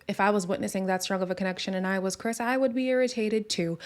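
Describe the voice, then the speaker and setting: A woman talks straight to her viewers in a relaxed recap of a dating show. Her voice sits at an ordinary middle pitch. She is sassy and chatty, and she keeps breaking off into quick asides. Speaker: reality TV recap host. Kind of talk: casual review monologue.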